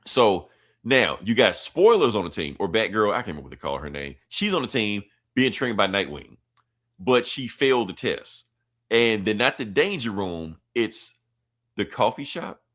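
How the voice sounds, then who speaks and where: Low-voiced man rambling through a comic recap. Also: big pitch swings, normal speed, a bit bright. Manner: rambling, slangy, profane, offhand. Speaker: podcast host.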